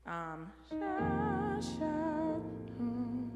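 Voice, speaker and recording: A woman's voice: high voice, very animated, extremely slow, highs cut off. Woman coaching a choir in a hall. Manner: casual, encouraging, with fillers. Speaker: choir director. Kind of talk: choir rehearsal instruction. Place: church sanctuary. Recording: roomy hall with music behind.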